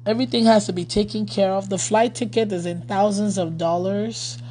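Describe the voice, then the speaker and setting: A woman's voice: medium pitch, steady tone, moderate pace, mellow, slight background noise. A woman pastor in casual livestream chat with her followers. She laughs often and reads their comments aloud.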